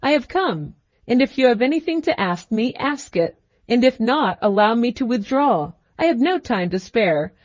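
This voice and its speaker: Give me an irritable proud young student, read by a woman, bitter and clipped, slightly high. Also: big pitch swings, normal speed, dry recording, highs cut off. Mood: irritated.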